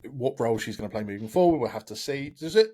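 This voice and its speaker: A man's voice: medium pitch, lively intonation, fast, dark tone. British man hosting a chatty podcast. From Britain. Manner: rambling, laughs often, many fillers. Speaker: podcast host. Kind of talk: casual podcast chat.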